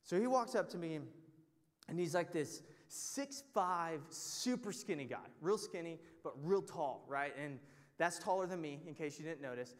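A man's voice: a little high, animated, moderate pace. Chatty young man preaching in an echoing hall. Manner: casual, chatty and self-mocking, with filler words. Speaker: Bible study teacher. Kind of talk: storytelling sermon. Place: teaching to a group in a large room. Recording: long hall reverb.

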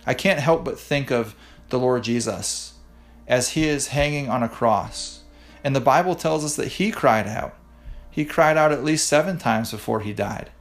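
A man preaching a devotional podcast sermon, earnestly guiding listeners through a hands-on exercise, often restarting his words. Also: medium pitch. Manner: frequent restarts and repeated words. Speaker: pastor. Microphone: podcast microphone.

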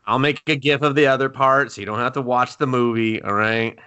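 A young adult man co-hosting a podcast in casual chat, animated and laughing, swearing freely and acting out scenes. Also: mid-range voice, brisk, a little hiss or hum. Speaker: podcast co-host. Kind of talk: casual chat reviewing anime.

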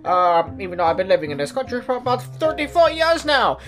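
Picture a loud, high, excitable old restaurant owner, as a woman plays him in a comedy skit, speaking broken English with lots of exclamations. His voice leaps all over the place while he spins a rambling boast. Music plays softly behind him. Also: fast talker. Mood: boastful. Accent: put-on broken English. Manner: rambling storyteller, shouts and exclaims. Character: excitable older male Chinese restaurant owner.

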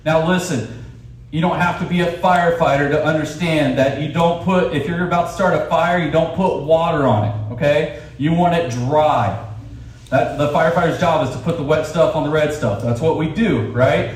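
A man's voice: on the high side, slight background noise. Man preaching in an echoey hall. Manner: animated preaching with quick asides and restarts. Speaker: camp speaker. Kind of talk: sermon. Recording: echoey hall, distant mic.

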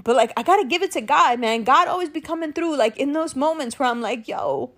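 High-voiced woman venting candidly. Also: fast, fairly bright tone. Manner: emotional, profane, confessional. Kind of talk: candid monologue.

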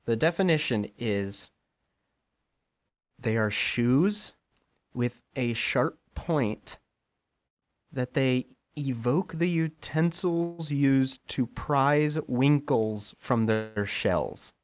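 A man's voice: mid-range voice, extremely slow. A young man co-hosting a casual podcast, laid-back, reading aloud with stops and swearing. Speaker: podcast co-host. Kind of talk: casual chat.

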